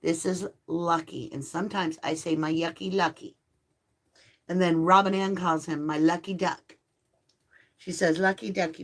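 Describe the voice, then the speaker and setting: A woman's voice: fairly low pitch, steady tone, normal speed. A middle-aged woman hosting a live tarot stream, chatting casually with viewers and cooing baby talk at her dogs.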